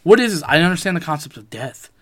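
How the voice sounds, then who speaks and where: Young man, slightly high voice, animated profane storyteller, casual podcast chat. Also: rapid-fire.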